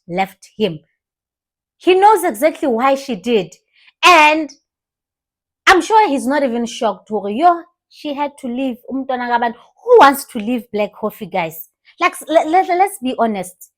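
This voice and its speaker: A young woman with a South African accent giving animated, casual commentary, switching languages mid-sentence and laughing often. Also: sits high. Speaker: commentary vlogger.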